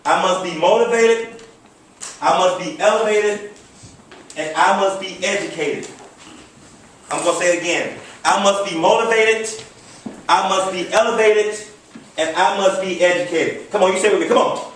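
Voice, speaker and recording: High-voiced man preaching in an echoey hall. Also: normal speed, pauses often, fairly bright tone, distant mic, slight background noise. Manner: commanding call-and-response, repetitive. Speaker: motivational speaker. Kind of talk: motivational speech. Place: large hall before an audience.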